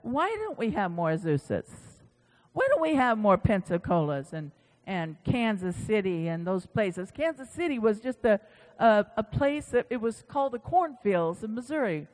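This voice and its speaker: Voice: medium pitch, big pitch swings, moderate pace. A preacher giving a sermon in a church, animatedly retelling stories with quoted dialogue. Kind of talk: sermon storytelling. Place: church sanctuary. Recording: long church-hall reverb.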